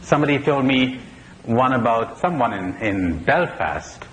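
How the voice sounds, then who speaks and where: On an old conference tape with faint hiss and the reverb of a large hall, a priest gives a spiritual lecture to an audience. He asks probing questions and laughs at his own jokes, his mid-range, slightly bright voice unhurried and swinging widely in pitch.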